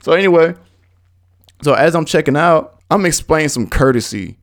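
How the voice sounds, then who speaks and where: A young man hosting a podcast, telling stories casually in an animated, profane, slangy way. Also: fairly high pitch, normal speed. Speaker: podcast host. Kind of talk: casual storytelling monologue.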